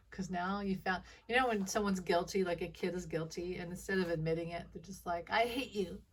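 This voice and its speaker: Brief: lower-pitched woman, casual intuitive reader, rambling and self-interrupting. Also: steady tone, moderate pace, distant mic, a little hiss or hum. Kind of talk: casual commentary.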